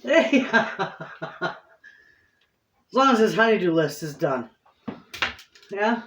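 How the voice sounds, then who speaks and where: A woman's voice: mid-range voice, very animated, drawn-out words, slight background noise. Woman vlog host, chatty and homey, recorded in an echoey kitchen. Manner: chatty, talks straight to viewers. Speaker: homestead baking vlog host. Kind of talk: casual kitchen vlog chat. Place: home kitchen.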